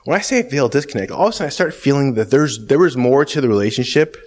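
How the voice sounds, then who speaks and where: Man, testimony speaker; very lively pitch, conversational, slips into voices for the people in his story. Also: racing. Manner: conversational, acts out dialogue in shifting voices; frequent asides like "okay?" and "you know". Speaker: speaker giving a personal testimony.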